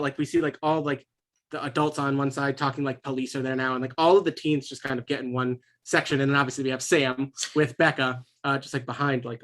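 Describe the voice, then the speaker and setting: A man's voice: fairly high pitch, fairly bright tone. Rambling man running a tabletop game. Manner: rambling, filler-heavy. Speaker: game master.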